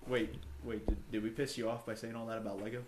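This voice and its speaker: A young man co-hosting a casual podcast chat, joking and ranting with animated energy. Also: lowish voice, quick pace. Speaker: podcast co-host.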